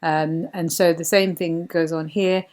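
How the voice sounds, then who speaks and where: A woman teaching Quran reading step by step, patient and repeating words slowly with many fillers. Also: on the low side, steady tone, darkish tone.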